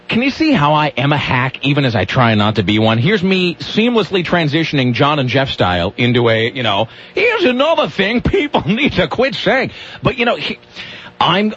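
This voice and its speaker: A male radio host with a husky, slightly high voice that swings all over in pitch. He rambles, restarts his sentences and slides into grumpy rants. The sound is dull and lo-fi, like an old broadcast. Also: fairly bright tone. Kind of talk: casual radio banter.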